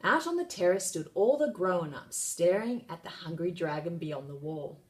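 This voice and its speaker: A woman reads a children's picture book aloud with lively, expressive narration. Her pitch swoops up and down as she tells the story. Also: normal speed.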